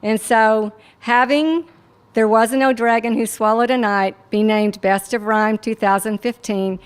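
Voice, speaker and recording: A woman's voice: fairly high pitch, fairly even intonation, a little slow, smooth. A woman author giving an earnest, grateful acceptance speech for a book award.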